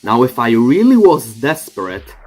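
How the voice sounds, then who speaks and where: A young man giving an earnest, reflective personal monologue to camera, often trailing off quietly. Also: medium pitch, big pitch swings, moderate pace. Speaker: vlogger.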